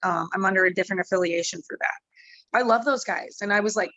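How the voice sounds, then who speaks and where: A woman's voice: medium pitch, fast talker, bright, forceful tone, no room sound, muffled recording. A woman MMA fighter in a casual interview, rambling, candid and swearing freely.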